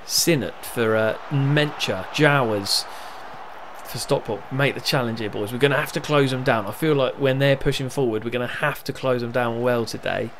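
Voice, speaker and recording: A man's voice: mid-range voice, normal speed, noisy background. A young man casually commentating on his own football management game, narrating play and cheering on his team. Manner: chatty, narrates match events, erupts with excitement at goals.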